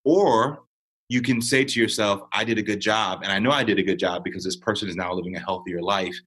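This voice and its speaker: A man in his late thirties speaks in a low, grounded voice, earnest and reflective. He talks through his experiences as a podcast guest and lifts into animation when he tells a story. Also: a little fast, fairly bright tone, husky. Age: 30s. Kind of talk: podcast conversation.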